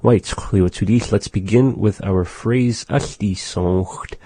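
A man's voice: on the low side, warm tone, breathy edge, no echo. A man hosting a radio language lesson, patiently saying phrases and explaining their meanings. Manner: slow, patient, repeats phrases. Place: radio studio.

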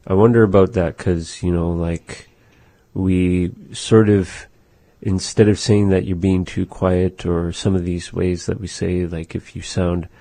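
A man teaching words of his language in a relaxed lesson, saying phrases slowly for a learner and thinking aloud with fillers. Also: low voice, no echo.

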